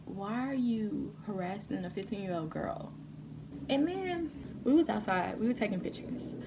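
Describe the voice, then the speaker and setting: A woman's voice: mid-range voice, gravelly, background noise. A woman vlogger telling a story straight to her viewers in a blunt, heated, casual way, swearing freely. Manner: addresses viewers directly.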